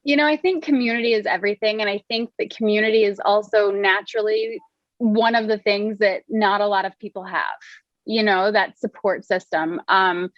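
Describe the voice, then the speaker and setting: A chatty woman in her thirties talks through her coaching work with plenty of "you know" and quick laughs. Her voice sits mid-range, recorded dry with a slightly dull, muffled tone. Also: mid-range voice, fairly even intonation, dry recording. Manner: chatty, laughs often, many fillers. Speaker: wellness coach guest. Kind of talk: casual interview chat.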